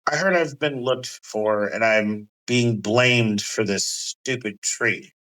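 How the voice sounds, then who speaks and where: A man's voice: mid-range voice, takes it slowly, fairly bright tone, rough recording. A man voicing a mischievous male trickster god who talks smugly and finds chaos funny in a tabletop game. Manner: smug, amused, chaotic.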